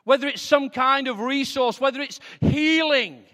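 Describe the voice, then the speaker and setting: A male preacher delivers an impassioned sermon in a high, bright voice that swings from hushed prayer to loud declaration. His words ring out with a long reverb, as if in a large hall. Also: moderate pace.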